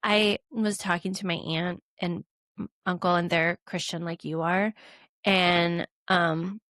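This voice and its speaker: A woman's voice: on the low side, fairly even intonation, slow, a bit bright, no room sound, clean studio sound. A young woman co-hosting a podcast, telling her story candidly and emotionally, with many fillers. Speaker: podcast co-host. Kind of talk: casual conversation.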